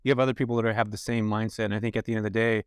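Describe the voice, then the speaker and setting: Man from California, fast speech, smooth clear voice, dry close sound, animated storytelling. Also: dry recording. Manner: animated, acts out quoted people with raised pitch. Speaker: podcast guest, rental business owner. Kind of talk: casual podcast storytelling.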